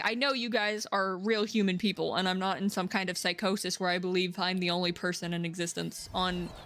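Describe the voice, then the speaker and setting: A woman in her thirties streaming from home, chatting casually in a rambling, emphatic way with quick laughs and cursing. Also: mid-range voice, a bit bright. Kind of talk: casual live-stream chat. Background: faint game music.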